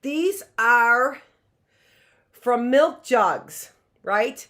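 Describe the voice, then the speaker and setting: Woman teacher, middle-aged, chatty and playful, high voice, very animated pitch. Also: very slow. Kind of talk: casual online lesson. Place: home classroom setup.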